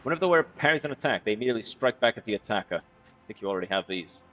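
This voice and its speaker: A man's voice: fairly low pitch, expressive, racing, fairly bright tone, dull audio. A man streaming a video game in casual commentary, reading in-game text aloud and reacting with wry, profane remarks. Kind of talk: casual let's-play commentary.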